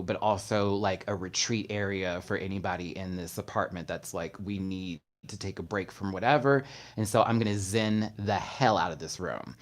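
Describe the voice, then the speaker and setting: A young man hosting a casual live stream, playful and animated, greeting viewers by name from a bare room. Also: fairly low pitch. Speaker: host of a live stream show. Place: bare room in a new home. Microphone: earbud headphones.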